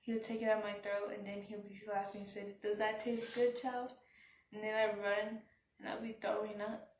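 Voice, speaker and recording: A woman telling a personal story as a vlogger, speaking in a halting, subdued way with frequent restarts. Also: medium pitch, monotone. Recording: roomy, from some distance off the mic.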